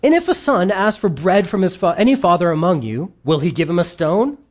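Emphatic preacher with loud and quiet swings. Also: medium pitch, animated, brisk. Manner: reads scripture aloud in between explaining. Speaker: pastor. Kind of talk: sermon.

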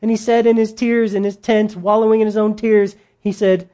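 A preacher giving a sermon in a lively way, with joking asides and quotes acted out in put-on voices. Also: mid-range voice, normal speed, hardly any pauses.

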